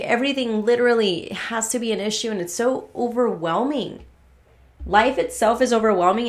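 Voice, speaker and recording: A woman hosting her own podcast, ranting in a casual, exasperated way, swearing freely and restarting her sentences. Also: on the high side. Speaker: podcast host. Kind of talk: casual solo podcast rant.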